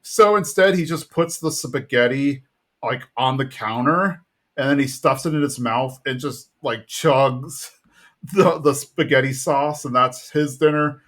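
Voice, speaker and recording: A Southern-accented man hosting a podcast, walking through a cartoon episode scene by scene. His voice sits at an average pitch. He keeps slipping into quoted lines from the characters as he tells the story. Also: unhurried, a bit bright. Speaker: podcast host. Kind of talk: casual episode recap.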